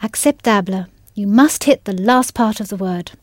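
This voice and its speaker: A woman's voice: medium pitch, normal speed, no echo, clean studio sound. A woman teaching a language in a scripted audio lesson, patient and encouraging, spelling words out letter by letter.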